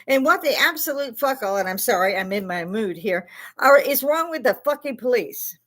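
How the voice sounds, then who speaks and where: A woman's voice: on the high side, big pitch swings, moderate pace, fairly bright tone. A middle-aged woman from Chicago, an Army veteran hosting her own channel, talking casually in a blunt, profane rant and laughing often between complaints. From Chicago, USA. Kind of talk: casual ranting livestream chat.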